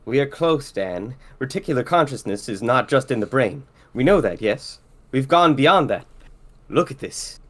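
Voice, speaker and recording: A man's voice: mid-range voice, animated, normal speed, a bit bright. A man voicing a cold, driven male mad scientist in a podcast read-through, with clipped, insistent delivery. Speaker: podcast co-host. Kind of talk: reading movie dialogue aloud.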